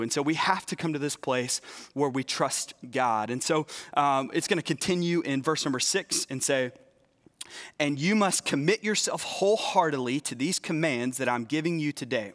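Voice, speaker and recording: Earnest, higher-voiced male youth preacher. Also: moderate pace, no room sound. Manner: earnest, conversational, frequent restarts. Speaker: youth pastor. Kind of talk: sermon to students.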